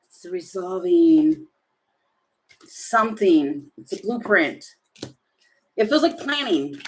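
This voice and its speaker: A woman's voice: fairly high pitch, big pitch swings, slow, rough recording. A woman giving a casual tarot reading, chatty and giggly, thinking aloud as she turns the cards. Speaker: tarot reader.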